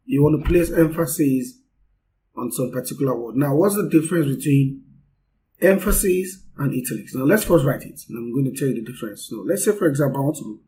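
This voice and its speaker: A man's voice: mid-range voice, mellow, slight background noise, poor audio. A man giving an unscripted coding tutorial while working on his screen, explaining step by step with frequent fillers. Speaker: coding instructor.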